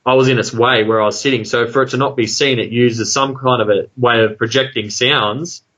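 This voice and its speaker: A man with an Australian accent telling a long story about his own experience in a casual, rambling way, full of fillers, quickening into excited asides. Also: medium pitch. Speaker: guest telling an encounter story.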